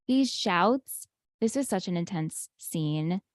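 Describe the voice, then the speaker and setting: Brief: female podcast co-host, fairly low voice, steady plot-summarizing delivery, dry sound. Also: takes it slowly, no room sound. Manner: leads the plot summary, steady and matter-of-fact. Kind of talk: casual recap chat.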